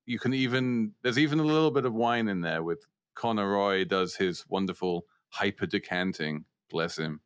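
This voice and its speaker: Smooth low-voiced man, dry close sound. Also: normal speed, no room sound. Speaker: podcast guest.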